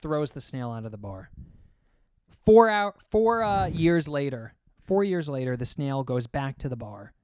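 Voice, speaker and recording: A man's voice: medium pitch, big pitch swings, unhurried, a little mellow, smooth, no echo, studio quality. A young man co-hosting a casual podcast, telling crude jokes with lots of swearing and laughing at his own punchlines. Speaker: podcast co-host. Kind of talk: casual joke-telling chat.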